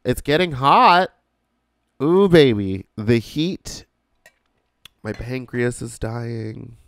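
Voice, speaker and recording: A man hosting a podcast, delivering a casual comedic monologue with profane ranting and sudden shouted outbursts. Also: mid-range voice, expressive, drawn-out words, clean tone, no room sound. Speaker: podcast host.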